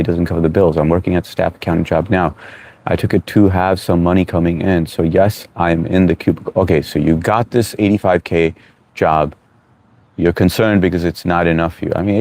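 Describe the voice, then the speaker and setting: Hosting a relaxed live stream, a man with a deep, low voice greets viewers one at a time and reads their comments out. His casual, encouraging talk feels like a friend's advice, and the sound is dry and close with little echo.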